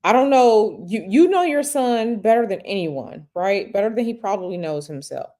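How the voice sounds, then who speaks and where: Mellow-voiced woman reading tarot live. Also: medium pitch, animated, normal speed. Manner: conversational, repeats phrases for emphasis; reads viewer questions aloud and answers directly. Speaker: tarot reader.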